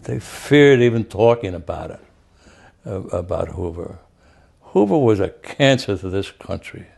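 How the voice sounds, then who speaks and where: Gravelly older New man, blunt. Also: sits low, sing-song, unhurried, darkish tone. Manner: blunt, profane storyteller who repeats words as he goes. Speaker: former congressman. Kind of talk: recounting past events in an interview.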